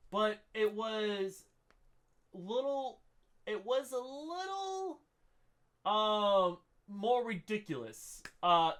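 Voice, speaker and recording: A man's voice: a little high, a bit bright. A man hosting a podcast in casual chat, loose and chatty, swearing freely. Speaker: podcast host.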